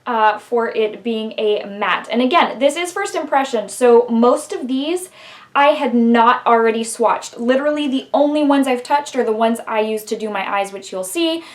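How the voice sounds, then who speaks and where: A middle-aged woman with a slightly raised pitch talks casually through an eyeshadow tutorial. She rambles a little, laughs often, and drops in "um" and "like" as she goes. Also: normal speed. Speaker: beauty vlogger.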